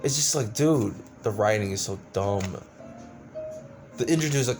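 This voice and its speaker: A man's voice: fairly low pitch, expressive, measured pace, long pauses, a little mellow, soft background music. A man reviewing a movie in a casual rant, exasperated and profane, rambling with lots of restarts. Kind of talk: casual ranting film review.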